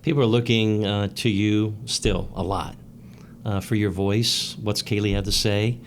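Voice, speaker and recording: A man hosting a radio show, asking a guest questions in a calm, conversational way. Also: fairly low pitch, unhurried, slight background noise. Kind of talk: interview questions.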